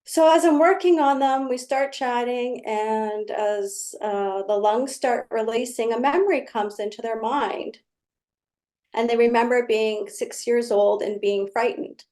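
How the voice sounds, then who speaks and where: Higher-voiced woman healer explaining. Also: a little slow, dark tone. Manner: storytelling, acts out client exchanges. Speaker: energy healer. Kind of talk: conversational explanation.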